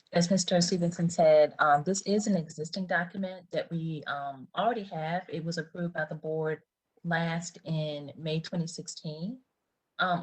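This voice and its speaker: A woman's voice: low voice, poor audio. A woman on a transit finance team explaining a document update at a board meeting, plain and hesitant. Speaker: finance staff. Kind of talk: staff report at a meeting.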